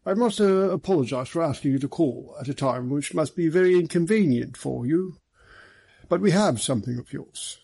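Male reader as a jovial, brisk superintendent, raised pitch, low and gravelly underneath. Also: expressive, warm tone, full character voice. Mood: polite. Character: genial, brisk police superintendent, middle-aged man. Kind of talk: audiobook character voice.

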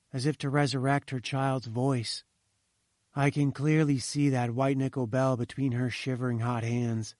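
Male narrator, mid pitch, measured delivery, dry close sound. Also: no echo. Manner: measured, slowing to a hush at grim moments. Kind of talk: scripted narration of a story.

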